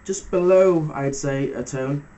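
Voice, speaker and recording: A man giving a casual step-by-step guitar lesson, talking through fret numbers in a relaxed way with fillers. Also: on the high side, measured pace, low-quality recording. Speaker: guitar teacher. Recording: loud guitar music under the voice. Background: electric guitar playing between phrases.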